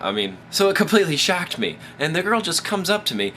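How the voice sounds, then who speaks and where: A man's voice: high-pitched, very animated, brisk, sharp tone, a little hiss or hum. A man hosting his own advice vlog, telling a rambling, profane story while drunk. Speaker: vlogger, host of his own show.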